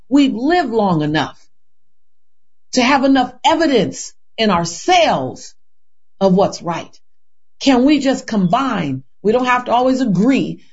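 On a dull, lo-fi recording, a female interview guest speaks earnestly and with passion in a mid-range, somewhat mellow voice. Rhetorical questions, repetitions, and restarted words mark the way she develops her point.

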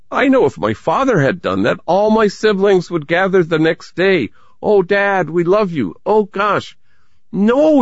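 A man's voice: fairly high pitch, no room sound, lo-fi sound. An older man, a priest, telling stories in a reflective radio interview. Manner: animated storyteller, gravelly voice.

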